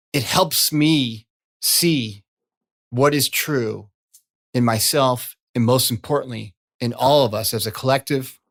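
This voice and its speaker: A man's voice: mid-range voice, fairly bright tone. A man hosting his own podcast as a coach, talking in a chatty, folksy way with repeated asides. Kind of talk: casual solo podcast talk.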